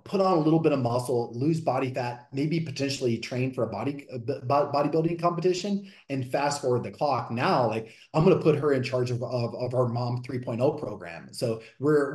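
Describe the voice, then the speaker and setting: A man's voice: mid-range voice, echoey room. A man around forty, a fitness coach telling client stories earnestly in a podcast interview. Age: 40s. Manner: energetic, earnest storytelling.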